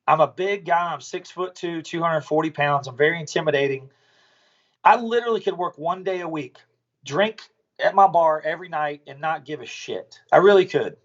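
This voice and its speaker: A man with a high-pitched voice speaks as a podcast guest. He tells stories bluntly and casually, swearing freely. The audio sounds dull and lo-fi. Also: normal speed. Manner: blunt, profane, storytelling. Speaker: business owner guest.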